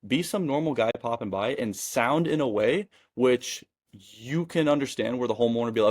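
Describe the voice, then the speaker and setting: A man's voice: medium pitch, moderate pace, a little mellow, no room sound, clean studio sound. A man in his twenties giving casual sales advice in a chatty way, often adding "right?". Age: 20s. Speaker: sales coach and business owner. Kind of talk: casual teaching monologue.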